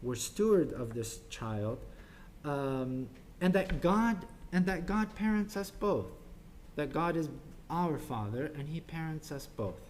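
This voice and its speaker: Halting man giving a parenting talk. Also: fairly high pitch, big pitch swings, slight background noise. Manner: halting, many ums and restarts, acts out quotes softly. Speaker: speaker at a church parenting talk. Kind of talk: informal talk to an audience.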